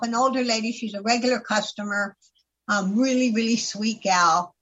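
A woman's voice: on the high side, fairly even intonation, moderate pace, a bit bright, highs cut off. A woman herbalist from California chatting as a radio guest, telling stories emphatically with many restarts. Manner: storytelling, emphatic, with repeated starts. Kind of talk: casual radio chat.

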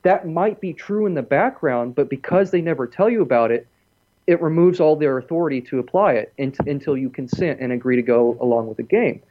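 A man's voice: a little high, fairly quick, narrow, tinny audio. A man talking casually on a podcast, blunt and profane, telling stories with quotes he acts out.

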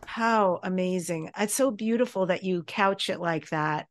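A woman's voice: fairly low pitch, measured pace, slight background noise. A woman hosting an interview, chatting in an enthusiastic, effusive way. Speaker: host. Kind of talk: casual interview chat.

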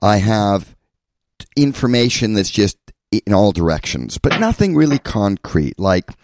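A man's voice: on the low side, very animated, a little slow, a little mellow, no room sound. A man, a guest on a talk radio show, hesitantly searching for words as he answers. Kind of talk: casual talk radio chat.

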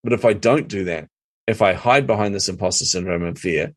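Middle-aged New man, deep-ish, lively storyteller guest. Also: fairly quick. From New Zealand. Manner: animated storyteller acting out his own past reactions. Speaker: podcast guest, marketing coach. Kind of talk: storytelling interview chat.

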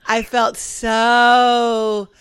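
Woman, high voice, dry close sound, animated storyteller, casual podcast chat. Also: extremely slow, smooth, no echo. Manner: animated storyteller acting out quotes. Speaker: podcast co-host.

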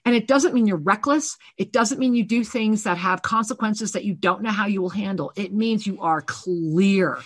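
A woman co-hosting a live spiritual call-in radio show, giving slow, soothing readings to callers. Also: mid-range voice, no room sound. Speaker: co-host, spiritual teacher.

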